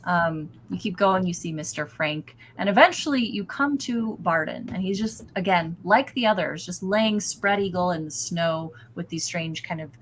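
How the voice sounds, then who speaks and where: A woman with a fairly low voice narrates as game master in a tabletop role-playing game. She talks casually and hesitantly, full of fillers and light laughter, and a faint hiss sits under her voice. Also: expressive, normal speed, hardly any pauses, low-quality recording. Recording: faint background noise.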